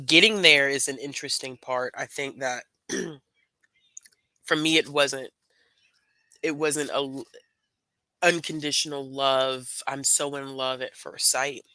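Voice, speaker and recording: Low-pitched woman on a video call, tearful but laughing, bright dry sound. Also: no room sound, low-quality recording. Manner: emotional, fighting tears, laughing through it. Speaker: panelist, mother. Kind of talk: heartfelt casual panel talk.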